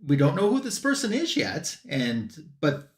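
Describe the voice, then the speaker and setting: A man on a comic book show giving a casual plot recap and quoting characters in quick bursts. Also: sits high, sing-song, reverberant. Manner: retells scenes with quick quoted voices for characters.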